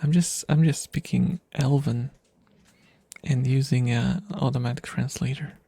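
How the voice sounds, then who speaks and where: Recorded close to the mic at home, a man rambles softly to his stream audience in ASMR fashion, often drifting into whispers and poking fun at himself. His medium-pitched voice is creaky and husky, with a steady, unhurried tone.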